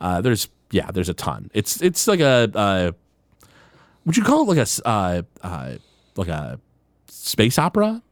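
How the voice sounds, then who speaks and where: Guy chatting on a podcast, swings his pitch all over, dry close sound, tons of "like"s. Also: a little slow, no room sound. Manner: animated, many fillers, acts out quotes in raised voices. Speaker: podcast co-host. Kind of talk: casual chat recapping an episode.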